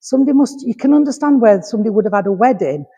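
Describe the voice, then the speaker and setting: Yorkshire medium doing readings in a village hall, lots of darling and sweetheart, long hall reverb, middle pitch. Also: lively intonation, rapid-fire, dark tone, husky, muffled recording. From Rotherham, England. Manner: calls people darling and sweetheart, keeps checking with all right. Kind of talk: mediumship demonstration to an audience.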